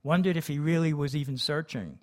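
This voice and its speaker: A man's voice: a little high, brisk. A man reading his memoir aloud, who breaks off into chatty, hesitant asides. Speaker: memoir narrator.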